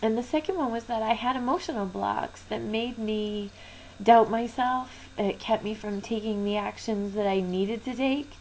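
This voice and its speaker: A woman in her thirties, a business coach, telling a candid personal story with fillers and soft laughs, near tears as she talks. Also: fairly high pitch, moderate pace, slight background noise, rough recording. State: close to tears.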